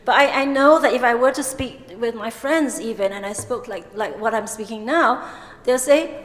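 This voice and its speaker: A woman's voice: sits high, moderate pace. Woman lecturing in echoing hall. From Singapore. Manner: lively, expressive, with chatty asides. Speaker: conference speaker. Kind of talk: plenary conference talk. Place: large conference hall. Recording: long hall reverb.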